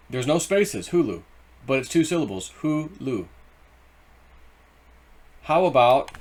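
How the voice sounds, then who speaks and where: A man hosting his own crypto channel, talking in a casual, rambling and excitable way with many restarts. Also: fairly high pitch.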